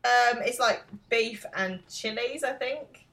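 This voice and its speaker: A woman's voice: fairly high pitch, slow, gravelly, sharp tone, poor audio. A woman co-hosting a casual podcast, telling the story with a wry, giggly manner. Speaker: podcast co-host. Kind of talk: casual chat recapping a TV episode.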